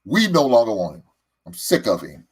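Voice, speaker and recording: Low-voiced man in a heated sports rant. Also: wildly swooping pitch, moderate pace, breathy edge. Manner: heated, exasperated, stammers and repeats words. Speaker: sports podcast host. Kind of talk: animated sports fan rant.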